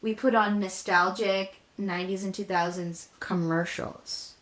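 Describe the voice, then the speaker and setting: Young woman, podcast co-host, lively storyteller, casual chat, roomy echo. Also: mid-range voice, measured pace. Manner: animated storyteller, acts out commercial voices. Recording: roomy echo, backup audio.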